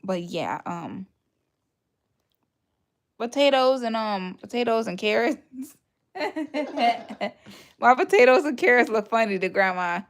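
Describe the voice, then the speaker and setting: A woman, hosting a casual livestream, chatting with viewers, laughing often and acting out what people told her. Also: medium pitch. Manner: retells conversations in put-on voices. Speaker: livestream host.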